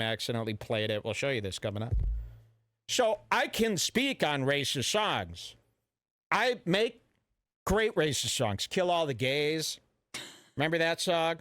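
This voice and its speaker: Brash guy radio host ranting, kinda high voice, bouncy tone. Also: fairly bright tone, clear, resonant tone, no room sound. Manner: brash, mock-serious and deliberately offensive. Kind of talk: provocative comedic talk radio rant.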